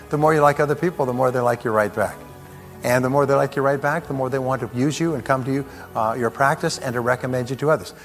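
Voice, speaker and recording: A man delivers a motivational talk with steady emphasis, driving points home through repetition and small acted-out scenes. His voice sits at an ordinary middle pitch. It rings with long reverb, as in a large hall, and soft music runs beneath it. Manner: emphatic, repeats key phrases, acts out little scenes. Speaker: motivational speaker.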